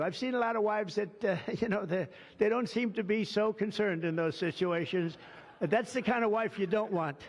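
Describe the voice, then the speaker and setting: A man's voice: high voice, normal speed. A man giving an off-the-cuff ceremonial speech as a political leader, rambling and digressive, piling on superlatives. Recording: dull lo-fi sound with long hall reverb.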